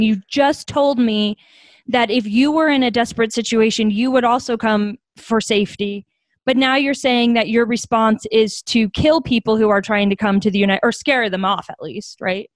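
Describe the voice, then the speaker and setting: Earnest woman telling a story, higher voice. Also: moderate pace, no room sound. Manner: earnest, reflective, animated when quoting others. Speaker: guest, nonprofit founder. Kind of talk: storytelling in a podcast interview.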